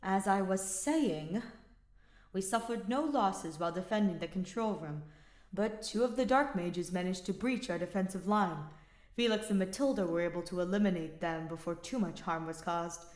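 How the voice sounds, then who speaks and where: A dry, unhurried young scholar, as a woman reader puts him on in a story recording. He explains things calmly and without fuss. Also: medium pitch, roomy sound, natural voice.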